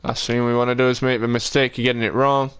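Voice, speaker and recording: A young man streaming a building game, chatting in a relaxed way and answering viewers as he works. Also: medium pitch, quick pace, clean tone, no room sound. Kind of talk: casual live-stream chat while building in a game.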